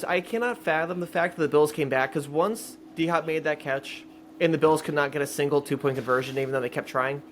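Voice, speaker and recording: A man co-hosting a sports podcast, talking excitedly as a fan in casual chat. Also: on the high side, a little hiss or hum. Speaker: podcast co-host.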